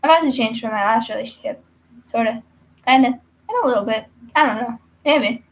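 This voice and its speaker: A woman's voice: fairly high pitch, normal speed, a little hiss or hum. A young woman talking casually to camera in a rambling, hyper vlog monologue with giggly asides. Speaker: vlogger.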